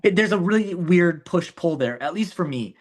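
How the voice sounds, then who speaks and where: A man's voice: high voice, lively intonation, moderate pace. A man being interviewed about his own filmmaking, talking animatedly and often repeating words and restarting his sentences. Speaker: filmmaker guest. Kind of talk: casual interview talk.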